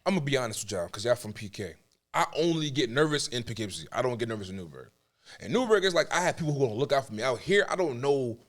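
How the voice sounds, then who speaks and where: A young man from New York, a podcast guest, telling his story in casual, animated talk and acting out the dialogue. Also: medium pitch, fast talker. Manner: animated, tells stories with acted-out dialogue.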